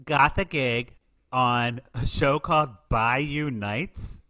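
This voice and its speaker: A man's voice: mid-range voice, steady tone, slow, bright, forceful tone. A man hosting a podcast, recapping a TV movie in casual chat, joking with many filler words. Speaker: podcast host.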